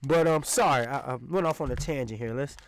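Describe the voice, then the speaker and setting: A man's voice: mid-range voice, a little fast, creaky, rough recording. A young man hosting a solo podcast, ranting with indignant sarcasm, swearing often and laughing as he goes. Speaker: podcast host.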